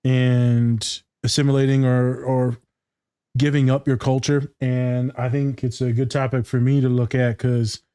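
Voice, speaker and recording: A man's voice: mid-range voice, flat delivery, measured pace, mellow, clear, resonant tone, no room sound. A man co-hosting a podcast as a therapist, chatting casually with irreverent jokes and swearing.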